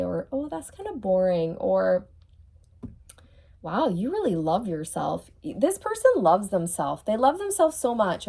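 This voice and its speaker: A woman's voice: medium pitch, vocal fry, mellow. A woman giving a tarot reading in a blunt, mocking way, laughing often and checking in with "okay?". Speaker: tarot reader.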